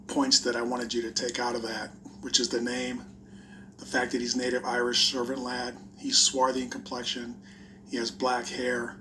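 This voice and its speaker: Brief: male host of a history explainer, monotone read, faint background noise. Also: medium pitch. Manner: plain explanatory delivery with fillers. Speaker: video host. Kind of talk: narrated history video reading old newspapers.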